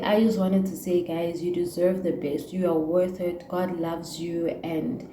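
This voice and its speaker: A woman's voice: on the low side, dark tone, echoey room, a little hiss or hum, rough recording. A young South African woman with a South African accent, ranting heartfelt and preachy to her viewers, mixing in Zulu words. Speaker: YouTuber. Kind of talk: emotional casual rant to camera.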